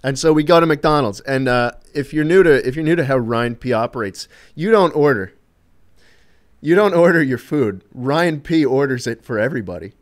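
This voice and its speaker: A man with a mid-pitched, everyday voice tells funny stories on a live gaming stream. His delivery is rambling and amused, full of "uh"s, "like"s and the occasional swear. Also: lively intonation, moderate pace. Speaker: streamer and co-host. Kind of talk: casual storytelling chat on a live stream.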